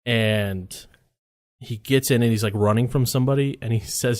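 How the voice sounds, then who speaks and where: A man's voice: mid-range voice, fairly even intonation, normal speed, darkish tone, no echo. A man co-hosting a casual movie podcast, laid-back, swearing freely and laughing often. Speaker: podcast co-host. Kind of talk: casual chat.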